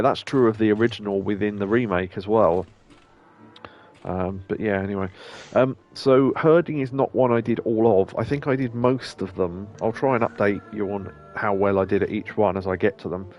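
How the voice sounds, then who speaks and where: Here a streamer speaks in a lowish, darkish voice on a muffled recording. Hosting his game stream, he rambles through let's-play commentary in a talkative way, often laughing and sometimes cursing.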